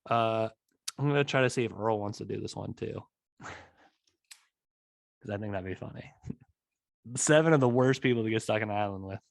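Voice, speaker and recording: A man's voice: on the low side, normal speed, creaky, pauses often, dry recording. A man hosting a podcast, telling a story in rambling, profane casual chat. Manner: rambling storyteller, heavy swearing, animated. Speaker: podcast host.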